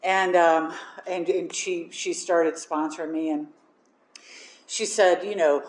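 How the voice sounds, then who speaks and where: A woman's voice: lowish voice, steady tone, takes it slowly, reverberant. A woman telling a personal recovery story, speaking candidly and mocking herself with frequent laughs. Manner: candid, self-deprecating, laughs often. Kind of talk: personal testimony talk.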